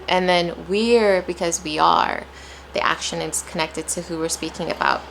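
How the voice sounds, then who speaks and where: A woman's voice: lowish voice, fairly even intonation, moderate pace, vocal fry, a bit bright, a little hiss or hum, low-quality recording. A woman with an American accent teaching English pronunciation, encouraging, who demonstrates stress and rhythm by repeating example sentences. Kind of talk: pronunciation lesson.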